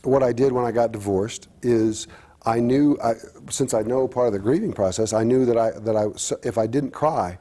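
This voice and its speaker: A middle-aged man talking candidly as a guest, halting and reflective, with frequent restarts. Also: mid-range voice, dark tone. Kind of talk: candid personal talk-show conversation.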